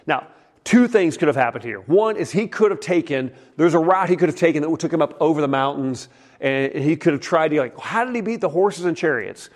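A middle-aged man preaching a sermon in a folksy, animated way, acting out the quotes in his stories. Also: on the high side, brisk. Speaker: pastor. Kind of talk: sermon with storytelling.

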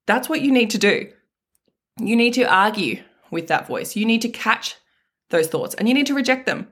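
A woman's voice: on the high side, expressive, moderate pace, slightly rough. A woman hosting a motivational self-help talk, speaking frankly and casually with some mild swearing and lots of emphatic repetition. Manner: emphatic, repeats key phrases. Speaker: self-help podcast host.

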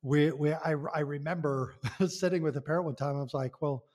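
Man, podcast guest, emphatic, rhetorical, husky voice, long reverb. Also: a little high, brisk, a little mellow. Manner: passionate, emphatic, rhetorical questions. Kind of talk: conversational podcast talk.

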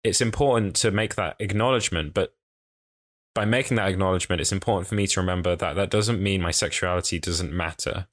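A man hosting a conversation, speaking in a measured, reflective way. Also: sits low. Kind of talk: conversational interview.

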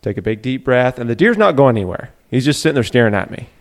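A man telling a hunting story in a casual chat, animated and reliving the moment. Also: mid-range voice, fast talker.

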